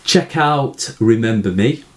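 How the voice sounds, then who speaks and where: A man teaching poetry in a measured way, asking rhetorical questions and reading verse slowly aloud. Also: medium pitch, animated. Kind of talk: explanatory lesson.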